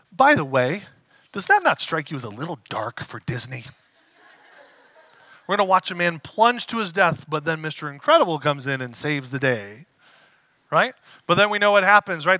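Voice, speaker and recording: Bright-voiced pastor preaching casually. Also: male voice, sits high, dry recording. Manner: casual and animated, acts out quoted voices. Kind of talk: conversational sermon.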